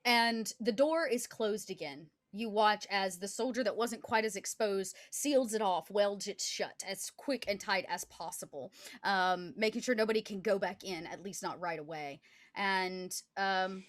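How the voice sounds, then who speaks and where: A woman's voice: mid-range voice, no echo, studio quality. A woman narrating as game master in a tabletop game, in a loose, filler-heavy style.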